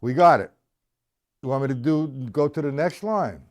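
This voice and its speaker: A man's voice: on the high side, lively intonation, moderate pace, darkish tone, soft background music. A man giving a live-streamed drum lesson, talking casually, repeating his points and checking in with his viewers. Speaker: drum teacher. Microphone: live stream camera mic.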